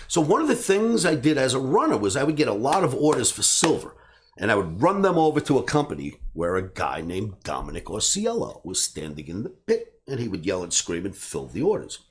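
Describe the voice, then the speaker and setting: A middle-aged man from the New York area telling a personal story, animated and acting out the dialogue. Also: fairly low pitch. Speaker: trading educator and host.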